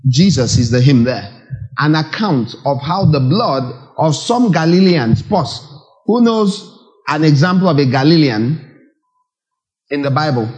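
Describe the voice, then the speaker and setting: A man preaching a sermon, animated, with rhetorical questions and acted asides. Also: on the high side, a little slow, highs cut off.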